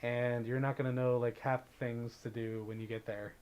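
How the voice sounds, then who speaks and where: A man's voice: medium pitch, level tone, normal speed, a little mellow, a little hiss or hum. A man hosting a casual livestream, chatting and reading viewer comments aloud in an upbeat way, greeting viewers by name. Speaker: livestream host.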